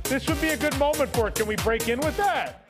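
High-voiced man reading stream donations. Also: animated, quick pace, over music. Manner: playful, laughing, loose and chatty. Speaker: live stream host. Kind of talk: casual live stream chat, reading out donations.

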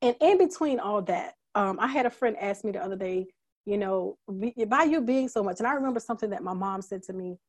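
A middle-aged woman as a guest, telling her story candidly in an earnest, halting way, holding back tears. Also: medium pitch, lively intonation, no room sound. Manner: earnest, halting, many fillers and restarts; emotional, fighting back tears. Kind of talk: candid conversational testimony.

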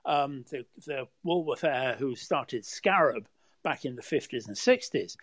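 A man's voice: on the high side, lively intonation, normal speed, no room sound. A man from the UK, a motorsport commentator telling reflective anecdotes in a casual panel chat.

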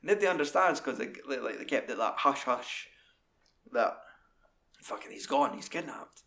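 A man in casual, sweary film chat, acting out scenes in high put-on voices. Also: lively intonation, moderate pace, pushed and bright.

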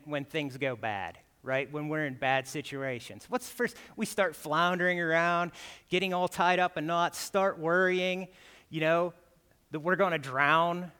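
A man's voice: fairly high pitch, sharp tone, smooth. A man with an American accent preaching a sermon as a guest preacher in a church, conversational and often checking in with "right?". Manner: conversational, keeps asking "right?". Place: church sanctuary. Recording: long hall reverb.

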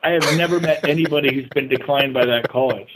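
A man, a real estate agent guest, telling his story in a casual interview, animated and self-deprecating, acting out the dialogue he quotes. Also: medium pitch, quick pace, a little hiss or hum, rough recording. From California.

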